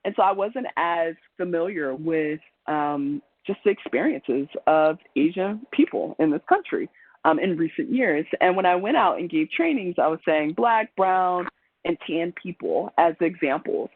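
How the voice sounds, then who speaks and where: Guy giving a webinar talk, kinda high voice, lots of ums, sounds like a phone line. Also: expressive, a little slow. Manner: chatty, with frequent ums and restarts. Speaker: trainer presenting a webinar. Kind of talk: conversational lecture. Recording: tinny phone-like call audio.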